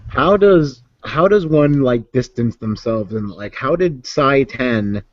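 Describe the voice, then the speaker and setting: A man's voice: mid-range voice, expressive, slow, dry recording. A man in a casual group video chat, asking questions earnestly, over dull lo-fi online call audio.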